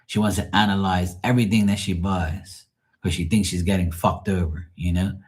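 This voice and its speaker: A man's voice: sits low, steady tone, moderate pace. A middle-aged man venting on a live call in a profane, rambling, exasperated way. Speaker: caller on a live tarot stream. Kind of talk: casual venting.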